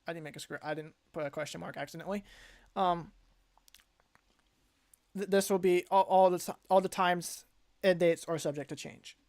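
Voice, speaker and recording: A man's voice: high-pitched, fairly even intonation, moderate pace, pauses often, darkish tone. A young man hosting a casual livestream announcement as a league organizer, rambling and often correcting himself mid-sentence. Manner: rambling, frequent self-corrections and restarts.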